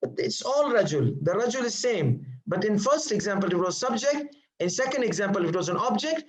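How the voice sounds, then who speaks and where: Guru pria beraksen Asia Selatan, suara agak tinggi. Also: male voice, high-pitched, big pitch swings, fairly quick, poor audio. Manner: drills students with questions and answers himself; repeats terms patiently, many fillers. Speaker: Arabic grammar teacher. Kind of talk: classroom lecture.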